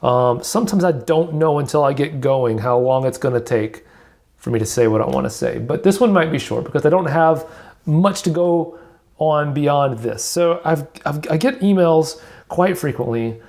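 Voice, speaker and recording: A man's voice: on the high side, normal speed, vocal fry, a little mellow. A man from Alabama hosting his own podcast, talking candidly in a rambling way with many restarts and fillers. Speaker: podcast host. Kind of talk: casual solo podcast talk.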